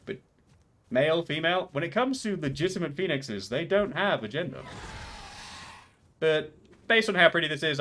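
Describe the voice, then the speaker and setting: A man's voice: on the high side, lively intonation, normal speed, pauses often, fairly bright tone. A man streaming a game live, chatting casually and rambling off into trivia tangents. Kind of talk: casual gameplay commentary.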